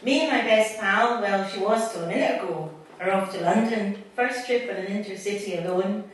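This Scottish woman, a poet, reads her poems to a live audience and chats between them in a medium-pitched voice at a normal speed. She was recorded from a distance in an echoey hall.

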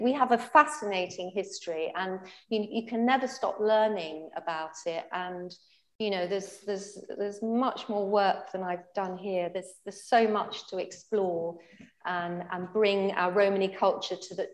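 A woman poet talking thoughtfully on a panel, pausing and restarting often. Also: medium pitch. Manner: thoughtful, hesitant with many restarts. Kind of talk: panel discussion at a literary event. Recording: roomy hall sound.

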